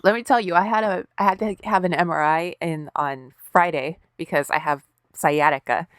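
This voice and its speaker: Low-voiced woman in profane casual chat. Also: normal speed, clean tone, no echo, clean studio sound. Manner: profane, animated storytelling. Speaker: podcast co-host.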